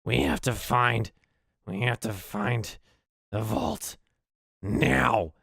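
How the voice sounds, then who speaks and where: A man's voice: medium pitch, extremely slow, vocal fry, slightly rough, dry recording, studio quality, voice pushed up, exaggerated voice. A man voicing a cruel, greedy male goblin boss who snarls threats and barks orders. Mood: threatening. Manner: snarling threats, loud and commanding.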